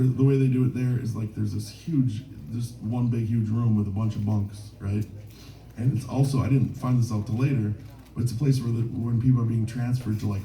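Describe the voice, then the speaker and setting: His voice is on the low side, creaky and warm. This Minnesota touring musician wanders through self-mocking anecdotes between songs at a bar gig, recorded from a distance in a spacious live room.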